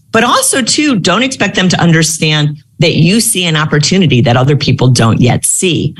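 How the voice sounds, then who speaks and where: A woman in her fifties speaks in a fairly low voice that rises and falls a great deal. She coaches a live audience on careers, telling stories and rephrasing as she goes. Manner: storytelling, animated with many fillers. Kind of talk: live Q&A talk.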